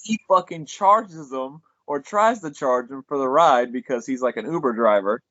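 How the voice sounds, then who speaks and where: A man's voice: medium pitch, lively intonation, moderate pace, fairly bright tone, no echo. A man co-hosting a film review podcast, rambling through the plot with acted-out quotes and casual swearing. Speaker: podcast co-host. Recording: dull lo-fi dry podcast sound.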